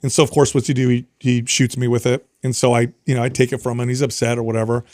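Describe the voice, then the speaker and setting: Fast-talking man telling a story. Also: medium pitch, no room sound, studio quality. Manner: animated storyteller acting out quotes. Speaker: podcast co-host. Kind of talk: casual chat, storytelling.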